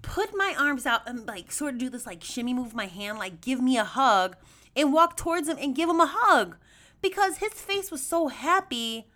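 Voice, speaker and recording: Animated chatty woman, fairly high voice. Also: moderate pace. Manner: animated, acts out quoted voices with big pitch jumps; chatty, addresses listeners as y'all. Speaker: podcast host. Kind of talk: casual storytelling monologue.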